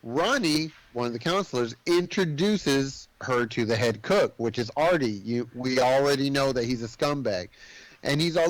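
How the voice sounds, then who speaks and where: A man co-hosting a podcast, casually retelling a film's plot in a rambling, animated way, full of filler words. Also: medium pitch, moderate pace, no echo, low-quality recording. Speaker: podcast co-host. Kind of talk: casual movie recap chat.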